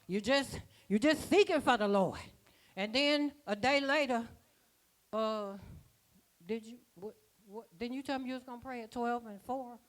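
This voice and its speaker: Woman apostle, sermon, slightly high voice, folksy rhythmic delivery. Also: moderate pace. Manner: folksy, rhythmic preaching, dialect grammar. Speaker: apostle preaching. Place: church conference.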